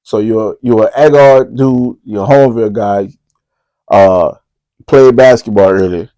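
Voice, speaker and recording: A man's voice: fairly low pitch, unhurried, dark tone, dry recording. A man hosting a podcast interview, casual and joking, with profane banter. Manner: joking, laid-back, profane. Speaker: podcast host.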